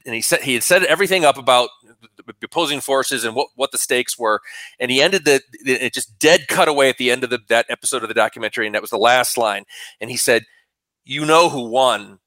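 A middle-aged man co-hosts a radio talk show, musing in a rambling, reflective way. His voice is bright and forward. The recording is dry and close. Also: medium pitch, fast talker, no room sound, rough recording. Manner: rambling, reflective, with many restarts. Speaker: radio co-host. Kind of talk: conversational political commentary.

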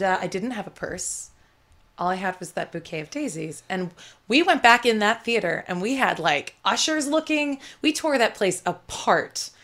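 A woman's voice: mid-range voice, fairly bright tone. Chatty woman telling a rambling story. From United States. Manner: rambling, many fillers, laughs while telling. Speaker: guest, actor. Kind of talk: casual storytelling chat.

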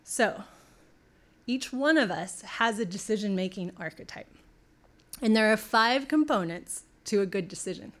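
A woman's voice: medium pitch, expressive, normal speed, fairly bright tone. A middle-aged woman giving a talk, telling a personal story and acting out the dialogue.

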